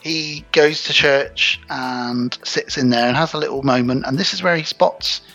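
A man talking casually on a podcast, walking through a film scene by scene and slipping into the characters' lines as he goes. His voice is bright and a little husky. Faint music plays behind him. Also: mid-range voice, unhurried, poor audio. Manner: retells scenes, acting out the dialogue. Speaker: podcast co-host.

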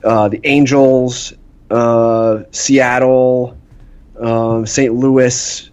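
A man co-hosts a podcast in a mid-pitched voice. His talk is easygoing and hesitant, dotted with uhs, and his mic sounds a little dull and muffled. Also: little pitch movement, extremely slow, darkish tone, smooth. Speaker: podcast co-host. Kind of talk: casual baseball chat.

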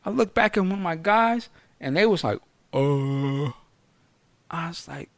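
A middle-aged man telling a story in casual podcast chat, slangy and swearing, acting out the quotes loudly. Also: fairly high pitch, animated, unhurried, pauses often, slight background noise.

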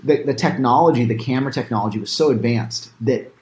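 A man's voice: medium pitch, fast. Guy rambling thru an interview answer, filler words everywhere, kinda echoey. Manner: rambling, many fillers and restarts. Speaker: filmmaker guest. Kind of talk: casual interview talk.

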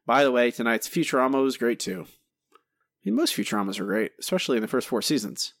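A man hosting a podcast, reading listener answers aloud in a relaxed, chatty way with some self-corrections. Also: medium pitch, quick pace, no room sound, studio quality. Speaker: podcast host.

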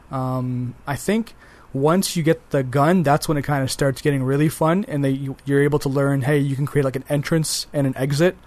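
A man co-hosting a casual games podcast, talking in a chatty, eager way. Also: a little high. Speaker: podcast co-host. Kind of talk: casual chat about games.

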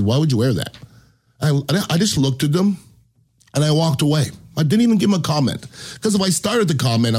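A man's voice: mid-range voice, a little mellow, slightly rough. A podcast host, a man, giving a blunt, opinionated monologue and swearing freely.

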